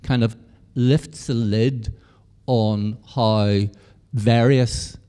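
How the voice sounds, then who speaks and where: Guy on a panel, mellow voice, dry wit, hall echo. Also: mid-range voice, steady tone, drawn-out words, clean tone. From Northern Ireland. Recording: long reverb of a lecture hall.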